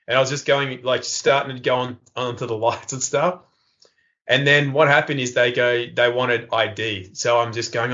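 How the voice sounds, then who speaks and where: A man's voice: medium pitch, little pitch movement, normal speed, fairly bright tone. A man, a podcast guest, telling a rambling funny anecdote with lots of fillers and laughter. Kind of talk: casual storytelling in an interview. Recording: slightly lo-fi podcast audio.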